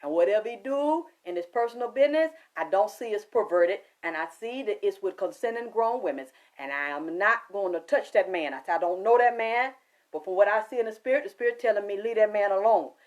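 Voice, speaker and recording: A woman's voice: mid-range voice, animated, brisk, darkish tone. A woman psychic reader, telling a story in a casual monologue, cursing often and quoting herself and others. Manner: profane, emphatic, quotes herself and others.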